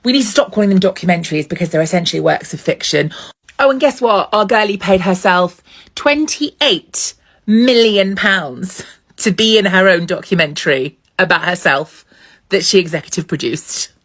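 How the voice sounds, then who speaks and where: A woman's voice: on the low side, expressive, moderate pace, a bit bright. A woman from the UK trades in dry, wry sarcasm as she talks to her viewers. Her delivery is a vlogger's running commentary.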